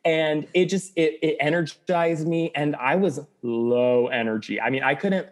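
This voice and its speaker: A man's voice: fairly high pitch, unhurried. Chatty man with a Southern accent. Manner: animated, talkative storyteller with many fillers. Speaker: podcast guest. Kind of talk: casual interview chat.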